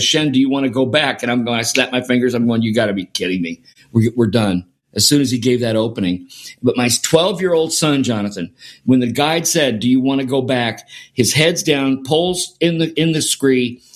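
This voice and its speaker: A man guest in an interview, telling a personal story in an earnest way and repeating phrases for emphasis. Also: medium pitch. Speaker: podcast guest.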